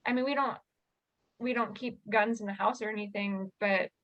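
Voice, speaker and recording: A woman co-hosting a casual podcast, blunt and quick to react, swearing freely. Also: mid-range voice, fairly even intonation, a bit bright, highs cut off. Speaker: podcast co-host.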